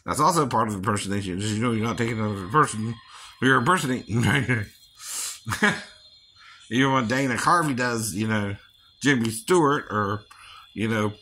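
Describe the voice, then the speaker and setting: A man talks in a slow, loose, casual way, laughing between lines and checking "right?" after nearly every point. His voice is bright and a little husky, and his pitch swings widely as he drops into playful impressions. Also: animated. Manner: breaks into quick impressions and silly voices. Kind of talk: casual chat.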